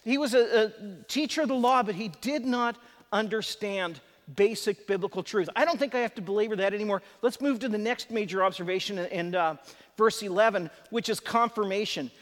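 High-voiced preacher in an echoey hall. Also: male voice, fairly quick. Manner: conversational and emphatic, with asides and chuckles. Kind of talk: live sermon teaching. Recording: long hall reverb.

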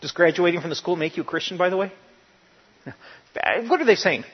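A man preaching a sermon as pastor, emphatic and often rising to loud, animated bursts. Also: high-pitched, a little fast, pauses often, breathy edge. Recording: dull lo-fi sound with long church reverb.

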